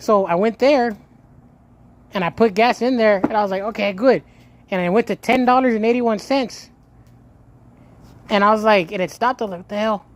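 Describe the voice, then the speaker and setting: Chatty, animated man on a livestream. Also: sits high. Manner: animated storytelling, swears and self-corrects, emotional gratitude. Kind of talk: casual chat to viewers.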